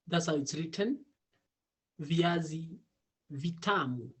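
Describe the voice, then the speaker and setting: A man teaching a casual online Swahili lesson, repeating words slowly and laughing often. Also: fairly high pitch.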